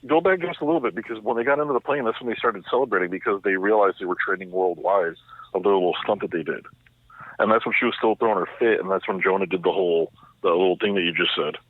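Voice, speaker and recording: A man co-hosting a casual film podcast, insistent and halting as he explains plot points. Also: low voice, no room sound. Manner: insistent, halting, restarts a lot. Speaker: podcast co-host. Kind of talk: casual chat. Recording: tinny phone-like line.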